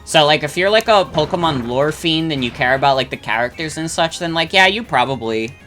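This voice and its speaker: Bright, rambling young game streamer. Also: mid-range voice, animated, brisk, soft background music. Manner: rambling, filler-heavy, swears freely. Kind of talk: casual chat while gaming, reading chat.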